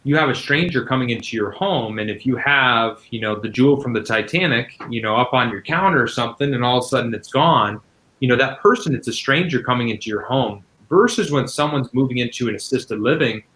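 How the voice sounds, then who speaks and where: A man appears as a guest expert and explains things in a casual, patient way, often saying "you know." His voice is mid-pitched and plain. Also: brisk, pushed and bright, poor audio. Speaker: guest expert on senior living. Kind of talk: casual interview answers.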